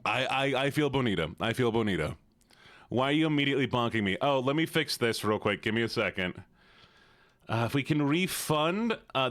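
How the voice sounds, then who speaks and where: A man's voice: medium pitch, fairly bright tone. A young adult man streaming live, rambling in a self-deprecating way to his chat.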